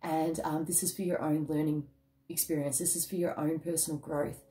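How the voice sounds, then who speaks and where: Aussie woman doing a casual tarot reading, kinda low voice, chatty and blunt, lots of "okay?" and a bit of swearing. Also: level tone, normal speed, dark tone. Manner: chatty and emphatic, mild swearing, tags lines with "okay?". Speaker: tarot card reader.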